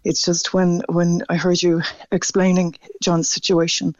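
Male caller, dry and dull phone sound, flat, stammering and moved. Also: high voice, measured pace, no echo. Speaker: radio caller. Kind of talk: phone-in radio chat.

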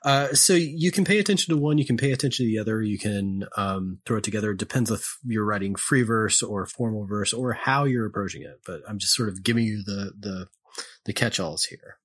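Throat-clearing man explaining, halting. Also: lowish voice. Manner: halting, frequent throat-clearing and self-corrections. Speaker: podcast host explaining poetry. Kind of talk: casual explanatory chat.

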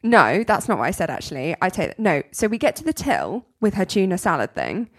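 A woman co-hosting a podcast, telling an animated anecdote in casual chat and laughing often. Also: fairly low pitch, brisk, slightly rough. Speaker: podcast co-host.

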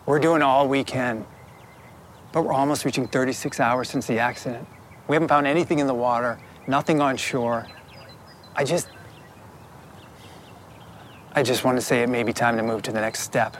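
A man plays a grave, middle-aged search official who delivers hard news slowly and soberly. This TV movie clip has a faint hum of background noise. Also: mid-range voice, steady tone, fairly bright tone, lightly acted. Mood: somber. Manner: somber, measured.

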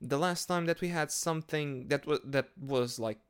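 A man's voice: fairly high pitch, normal speed, clear, resonant tone. A man hosting a podcast, rambling casually with lots of hesitant fillers and swearing. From Portugal. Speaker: podcast host. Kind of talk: casual monologue.

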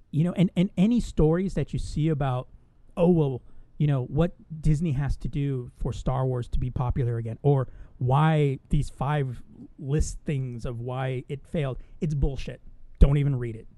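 A man's voice: mid-range voice, mellow, no room sound. A man co-hosting a casual podcast, ranting with a lot of swearing and frequent laughs. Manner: profane, ranting, laughs often. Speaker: podcast co-host. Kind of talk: casual chat.

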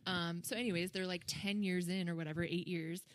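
A woman's voice: on the low side, fairly even intonation, brisk. A woman co-hosting a podcast, telling gossip in casual chat with a giggly manner. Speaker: podcast co-host.

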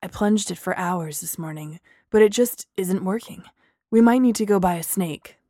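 A woman voicing a frustrated young man, an engineer, speaking in a soft, breathy half-whisper. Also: medium pitch, normal speed, dry recording, studio quality, close to an everyday voice. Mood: dismal.

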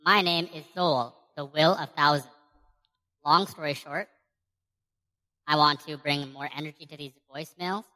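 A bright, low-pitched woman's voice taunting through a voicemail, a woman as the caller. Long reverb trails each phrase. She sounds playful and teasing. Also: steady tone, normal speed, pauses often. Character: taunting caller calling herself Zol.

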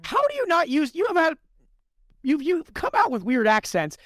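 A man's voice: very high voice, wildly swooping pitch, normal speed, a bit bright, no room sound, studio quality. A man co-hosting a podcast, chatting casually and teasing his co-host about a book. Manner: playful, teasing.

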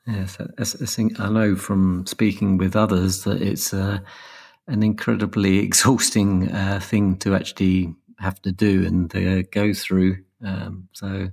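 A man hosting an interview, asking questions gently and hesitantly. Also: low-pitched, level tone, unhurried, gravelly, slightly rough. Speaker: interview host. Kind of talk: conversational interview.

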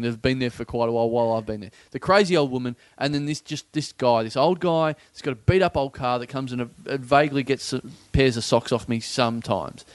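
A man, telling a rambling, swearing story as a podcast guest. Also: medium pitch. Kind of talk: casual comedic storytelling.

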